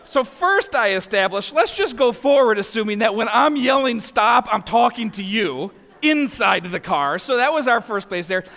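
A man's voice: very high voice, animated, normal speed, creaky, pushed and bright. A man in his forties preaching a sermon as pastor, telling family stories and letting his voice climb as they build. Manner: storytelling, voice rising in anecdotes. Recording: long hall reverb.

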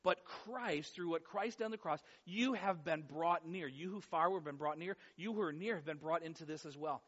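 A man preaching a sermon as a pastor, talking conversationally with animated, playful asides. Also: fairly high pitch, moderate pace, hardly any pauses, slightly rough. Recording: dull sound with long hall reverb.

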